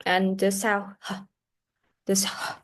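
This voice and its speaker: Her delivery completely flat and her mid-range voice a bit bright, a woman teaches English pronunciation in class. She explains things deliberately, often restarting her sentences partway through.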